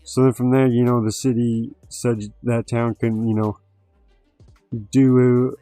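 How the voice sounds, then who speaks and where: A man's voice: mid-range voice, flat delivery, slow, dark tone, dry recording, faint music behind. A man hosting a casual livestream, rambling and swearing with lots of fillers. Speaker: livestream host.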